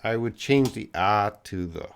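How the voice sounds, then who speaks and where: On a live-stream English lesson, a Canadian man works through chat questions and fixes people's sentences, explaining patiently in simple words. His fairly low, clear, resonant voice carries an expressive tone with some vocal fry, and he speaks at a very slow, unhurried pace.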